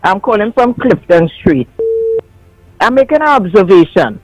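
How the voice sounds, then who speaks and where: A man calling in to a radio talk show, making a measured observation and retelling an anecdote. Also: high voice, big pitch swings, dry recording, low-quality recording. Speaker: caller. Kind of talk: call-in radio commentary.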